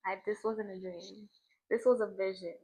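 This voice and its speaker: A woman's voice: mid-range voice, steady tone, moderate pace, darkish tone, rough recording. Young woman musing at a sunset view. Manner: emotional, reflective, full of "like" fillers. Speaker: vlogger. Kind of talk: casual spiritual vlog monologue. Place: outdoors at a scenic view at sunset. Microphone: camera in front of her.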